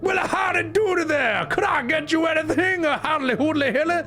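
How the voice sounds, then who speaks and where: A man voicing a loud, cheery, folksy bartender with a sing-song drawl. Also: very high voice, normal speed, faint music behind, pitched above the performer's own voice.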